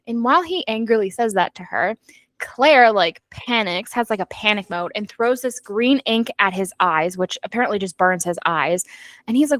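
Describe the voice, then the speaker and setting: A woman's voice: medium pitch, moderate pace, dry recording. A woman co-hosting a book club podcast, recapping a novel in casual chat and acting out the characters' lines. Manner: animated recap that acts out characters' quotes.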